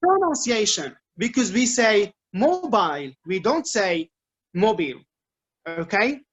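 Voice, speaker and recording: A man with an Algerian accent giving an informal English lesson, explaining points in a lively way with frequent fillers. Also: sits high, measured pace, muffled recording, a little hiss or hum. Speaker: English teacher giving a talk. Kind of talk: informal lecture to students.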